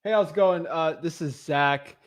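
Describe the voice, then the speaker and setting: A man's voice: fairly high pitch, moderate pace, dry recording, studio quality. A young man commenting casually on a property listing and cold calling a seller, thinking aloud with fillers. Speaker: real estate wholesaler cold calling.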